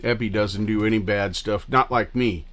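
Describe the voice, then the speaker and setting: A man's voice: fairly low pitch, fairly even intonation, moderate pace, fairly bright tone. Rambling, cussing livestream host, a man. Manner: rambling and scattered, loose with profanity. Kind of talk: casual rambling chat with viewers.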